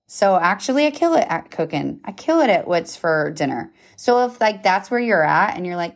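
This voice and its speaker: A woman's voice: fairly low pitch, animated, moderate pace, few pauses. A woman in her thirties hosting a podcast, giving a casual motivational talk with emphatic check-ins like "okay?" and "right?", laughing at herself now and then. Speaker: podcast host.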